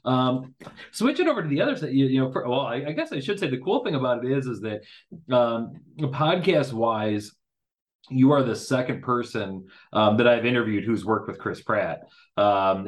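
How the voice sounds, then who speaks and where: Lower-voiced rambling male podcast host. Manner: rambling, self-deprecating, halting restarts. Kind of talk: casual interview talk.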